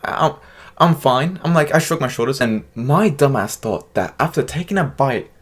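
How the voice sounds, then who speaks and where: A man's voice: mid-range voice, animated, moderate pace. Rambling young man telling a story. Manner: rambling, many fillers, acts out quotes. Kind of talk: casual storytime.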